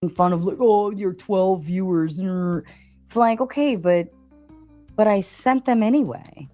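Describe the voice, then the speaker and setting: A woman's voice: low-pitched, mellow. A woman chatting on a livestream, talking casually and defending herself. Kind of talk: livestream chat. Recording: dull lo-fi audio with faint music.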